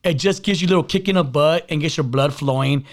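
A man's voice: on the high side, fast talker. A man hosting a podcast, telling a story in rambling casual chat and filling it with "like" and "bro". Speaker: podcast host.

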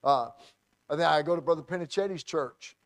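A preacher in the middle of a sermon, telling a personal story with animated energy. He stumbles into restarts, repeats words and acts out the people he quotes. His voice sits a little high for a man and sounds dry and close, with almost no room echo. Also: fairly quick. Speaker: pastor.

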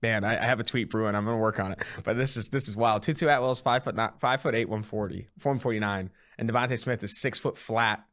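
A young man hosting a casual sports podcast, joking and excitable. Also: on the low side, quick pace, few pauses. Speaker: podcast host, content director.

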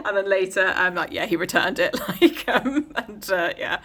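A woman's voice: mid-range voice, moderate pace, a bit bright. A woman co-hosting a casual chat, telling rambling anecdotes full of fillers and quoted dialogue. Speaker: podcast co-host.

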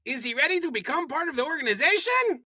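A blissfully carefree cult boss with a put-on Latin accent. The voice is squeaky and climbs very high, with lively, bouncing greetings. It sounds close and dry. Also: male voice, fast talker, no room sound, full character voice. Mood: probing. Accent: Latin American put-on. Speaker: podcast co-host doing a character voice.

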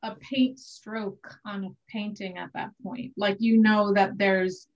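A woman's voice: mid-range voice, steady tone, slow. Woman director telling stories, lo-fi. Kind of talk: anecdotal conversation. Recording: dull lo-fi sound.

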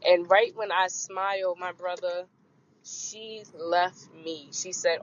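A woman hosting a podcast, telling a personal story in a frank, animated way and acting out the people in it. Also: on the low side, slow pace, slight background noise. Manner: animated, acts out quoted voices, frank. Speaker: podcast host. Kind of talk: casual storytelling chat. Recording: muffled lo-fi recording.

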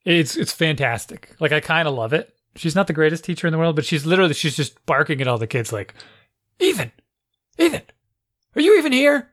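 A parent recounting a frustrating school day in a casual chat. The voice sits at a middling pitch, swings lively up and down, and spills out full of "like" fillers and exasperation. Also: fast talker, hardly any pauses. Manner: animated, exasperated, lots of "like" fillers.

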